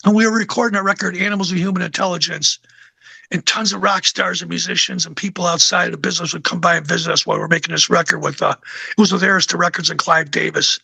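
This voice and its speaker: A man's voice: high-pitched, fairly even intonation, fast, creaky, bright, forceful tone, slightly rough, no room sound. An older man, a musician guest, telling a rambling anecdote in a casual interview with plenty of fillers.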